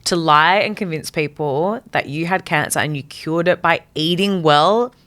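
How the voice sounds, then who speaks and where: A woman's voice: deep voice, moderate pace, fairly bright tone. A woman in her thirties with an Australian accent, a podcast guest and actor chatting casually in an effusive, gushing way that keeps calling her friend "babe". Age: 30s. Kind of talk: casual chat.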